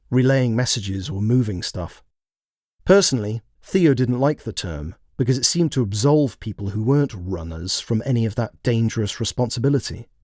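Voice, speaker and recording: A man reading his own written story aloud in measured, plain scripted narration. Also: medium pitch, a little mellow, dry recording, clean studio sound. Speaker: author and narrator.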